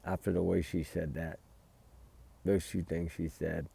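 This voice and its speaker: A man vents in heated, emphatic commentary, his low voice rough with gravel. The tone is dark and dull. He talks outdoors at night beside a fire pit. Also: level tone, measured pace. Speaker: true-crime vlogger. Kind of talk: casual commentary.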